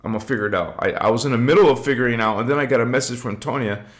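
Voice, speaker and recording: A man's voice: medium pitch, racing. A man hosting a casual spiritual livestream, chatty and laughing often as he greets viewers by name. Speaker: livestream host.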